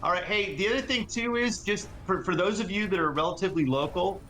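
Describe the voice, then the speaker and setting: A man's voice: high voice, quick pace, fairly bright tone, soft background music, poor audio. A man chatting casually as a tabletop player, friendly and inviting. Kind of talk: casual chat.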